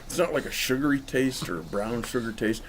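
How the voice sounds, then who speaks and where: A man's voice: mid-range voice, expressive, brisk, a little hiss or hum. A man casually talking through a cigar review outdoors in the cold, chatty and joking straight to the viewer. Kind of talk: casual rambling vlog review.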